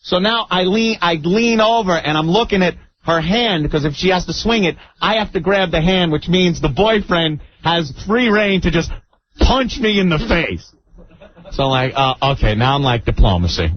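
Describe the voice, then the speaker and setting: Radio guy spinning a story, voice jumps all over, kinda high, muffled broadcast w/ faint hiss. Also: normal speed. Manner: animated, mock-dramatic storytelling with laughs. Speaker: radio host. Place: radio studio.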